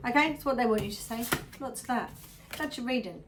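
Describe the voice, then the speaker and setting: A woman's voice: fairly high pitch, fast talker, background noise. Chatty woman reading tarot. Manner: chatty, animated, keeps asking "yeah?". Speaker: tarot reader.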